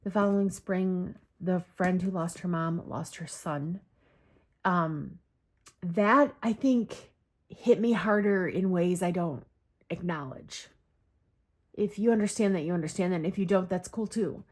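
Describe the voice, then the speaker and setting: A woman's voice: on the low side, slow. Rambling woman holding back tears. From Michigan, USA. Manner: rambling, self-correcting, many fillers. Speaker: journaling vlogger. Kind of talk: casual personal talk.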